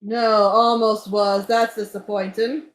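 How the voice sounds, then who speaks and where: A woman narrating a tabletop game as game master, chatty and quick to laugh. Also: mid-range voice, flat delivery. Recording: echoey room.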